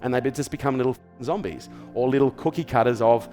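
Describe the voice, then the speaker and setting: An Australian business coach gives parenting advice in what sounds like an interview, speaking firmly and motivationally in an ordinary medium-pitched, warm voice. He talks fast, repeats key phrases for emphasis, and keeps asking "okay?" and "does this make sense?" A long reverb tail and faint music sit behind him.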